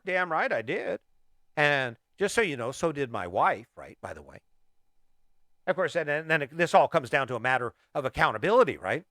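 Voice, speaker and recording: A man's voice: a little high, sing-song, fairly quick, fairly bright tone, no echo, clean studio sound. A middle-aged man hosting a motivational podcast, talking emphatically and firing off repeated rhetorical questions. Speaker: podcast host.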